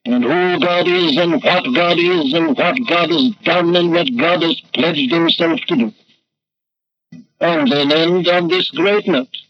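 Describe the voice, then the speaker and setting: A man preaching a sermon in an emphatic, rhetorical way, his voice swelling and dropping. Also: a little high. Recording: dull lo-fi archival recording with faint noise.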